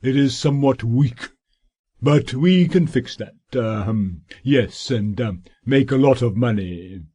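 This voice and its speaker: A man voicing a fat, pompous, scheming middle-aged male solicitor in an audiobook, talking in a drawn-out, sanctimonious way. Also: mid-range voice, warm tone, husky.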